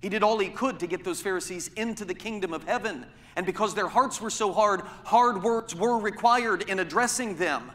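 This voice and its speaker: A man preaches with a high, bright voice. He presses his points with pointed rhetorical questions. His words ring out in a large hall with a long reverb. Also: normal speed, hardly any pauses. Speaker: pastor. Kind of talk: sermon.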